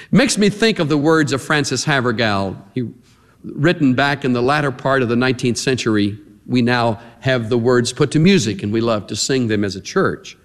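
Man preaching, really lively pitch, punches single words, big echoey church hall. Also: normal speed. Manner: animated, emphatic, leans on single words. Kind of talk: sermon. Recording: long reverb of a large hall.

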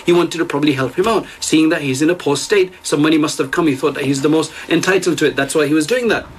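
A man's voice: on the high side, slightly rough, low-quality recording. A man teaching a religious lesson, retelling stories earnestly and speaking to his listeners directly, often restarting his words.

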